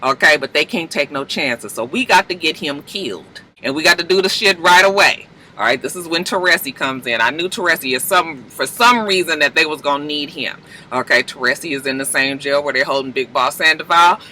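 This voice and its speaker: A man casually recapping a TV episode, animated and slangy, acting out the characters' lines. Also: on the high side, brisk, low-quality recording. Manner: slangy, profane. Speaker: TV recap vlogger.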